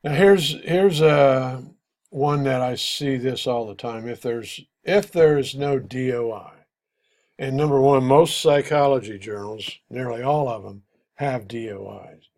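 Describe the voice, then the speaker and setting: A middle-aged male instructor giving a lecture on writing format, halting and explanatory with frequent fillers. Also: medium pitch, a little mellow.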